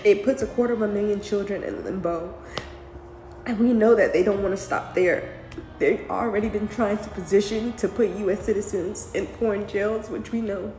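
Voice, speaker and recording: A woman's voice: mid-range voice, mellow. Woman, mom, holding back tears, earnest, echoey room, faint music. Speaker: mother. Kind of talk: emotional casual monologue.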